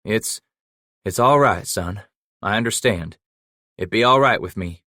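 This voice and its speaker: A man voicing a grizzled old male trapper who talks in a gruff backwoods frontier dialect. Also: lowish voice, a little slow, sharp tone, dry recording, clean studio sound. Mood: subdued.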